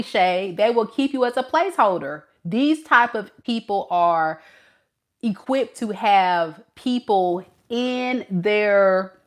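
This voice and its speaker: A woman giving a tarot reading to her viewers, blunt and animated, talking straight to them as y'all. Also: mid-range voice. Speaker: tarot reader.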